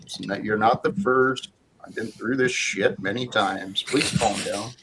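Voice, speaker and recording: A man hosting a heated panel argument, who insists again and again that the other speaker calm down and hear him out. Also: fairly low pitch, unhurried, heavy background noise. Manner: insistent, repeats calls to calm down. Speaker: host.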